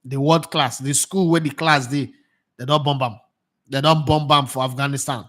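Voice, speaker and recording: A Nigerian man with a Nigerian accent, hosting a casual football commentary show, who talks in an animated way, drifts between Pidgin and English and laughs often. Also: mid-range voice, moderate pace. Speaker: sports show host.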